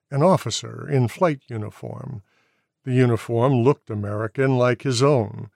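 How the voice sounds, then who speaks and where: Man, audiobook narrator, measured delivery, dry close recording. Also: medium pitch, no echo. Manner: slow, measured storytelling.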